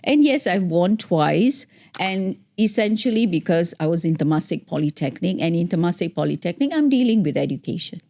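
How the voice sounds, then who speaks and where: A middle-aged woman who founded a speaking academy appears as a guest on an interview show, chatting casually and animatedly, acting out examples and laughing often. Her voice is lowish, a little mellow and expressive, and she speaks fairly quickly.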